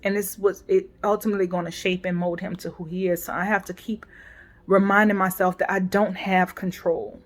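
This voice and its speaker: Speaking with little pitch movement at a medium pitch, a woman in her forties opens up in her vlog about a painful rift in her family. She's emotional and halting, frequently starting over and letting sentences fade softly.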